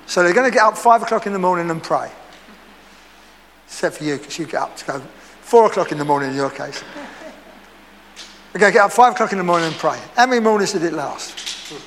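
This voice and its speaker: High-voiced Essex preacher in a reverberant hall. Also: male voice, fast talker, pauses often. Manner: lively storytelling, laughs and acts out quotes. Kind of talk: sermon. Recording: echoey hall with faint background noise.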